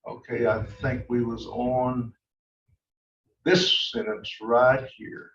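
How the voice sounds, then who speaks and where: A man teaching an online language class, explaining grammar slowly with many pauses and fillers. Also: medium pitch, level tone, a bit bright, recorded from a distance, dull audio. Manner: slow and halting, many uhs.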